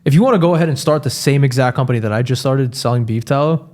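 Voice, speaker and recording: A man's voice: medium pitch, quick pace, darkish tone. A man hosting a casual podcast conversation, agreeing easily and talking in slang. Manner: laid-back, agreeing, slangy. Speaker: podcast host.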